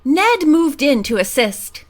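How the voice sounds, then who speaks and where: A woman narrates a children's mystery with a high, light voice. She tells the story in a lively, scripted way. Her delivery keeps the action moving. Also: slow. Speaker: audiobook narrator.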